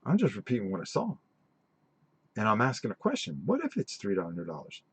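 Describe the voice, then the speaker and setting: A middle-aged man hosting a tabletop gaming channel, telling stories in a rambling, animated way with many restarts during a live-stream chat. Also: on the low side, fairly quick, husky.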